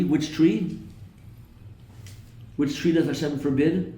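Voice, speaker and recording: A man's voice: a little high, animated, measured pace, long pauses, dark tone, recorded from a distance. A man teaching a live Torah class, quoting verses in Hebrew, translating them and quizzing his students, with a joke here and there. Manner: slips in jokes. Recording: echoey room with faint noise.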